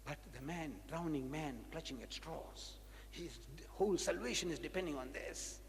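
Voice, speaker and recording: A South African man giving a public lecture, animated and rhetorical, repeating phrases for emphasis. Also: a little high, normal speed, creaky. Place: lecture hall. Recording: echoey lecture hall.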